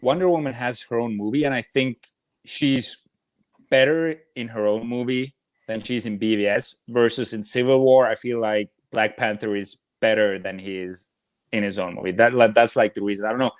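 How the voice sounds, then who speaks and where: A man co-hosting a podcast, talking about films in a relaxed, agreeable way. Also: medium pitch, moderate pace, no echo. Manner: laid-back, agreeable, many short backchannels. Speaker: podcast co-host. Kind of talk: casual movie discussion.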